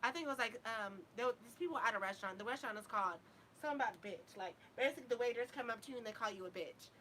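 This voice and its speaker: A woman's voice: a little high, lively intonation, rapid-fire, pushed and bright, slight background noise. A young woman co-hosting a podcast, chatting playfully and swearing, often laughing. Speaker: podcast co-host. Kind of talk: casual chat.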